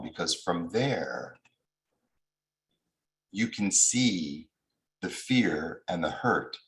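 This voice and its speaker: A man's voice: sits low, fairly bright tone, echoey room, low-quality recording. An American man giving a recorded lecture as a mediation trainer, explaining with examples and acting out angry voices he quotes.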